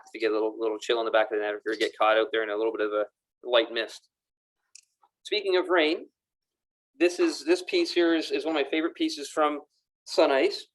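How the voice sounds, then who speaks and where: In a casual to-camera demo in a golf pro shop, a man speaks fairly quickly at medium pitch as he presents apparel. Enthusiastic and talkative, he tends to repeat his words, and he's recorded on a camera mic that moves around the room.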